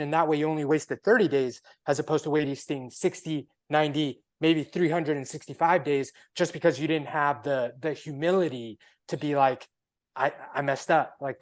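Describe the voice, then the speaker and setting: A man's voice: fairly high pitch, a little mellow. A man co-hosting a casual podcast chat, laid-back but emphatic, peppering his talk with "like" and "man". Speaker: podcast co-host.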